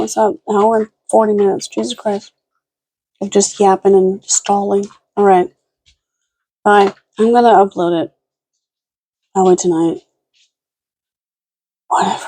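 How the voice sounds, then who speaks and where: A woman's voice: medium pitch, mellow. A young woman rambling casually in a late-night home vlog, frazzled and chatty, cooing baby talk at her dogs in between. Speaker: vlogger.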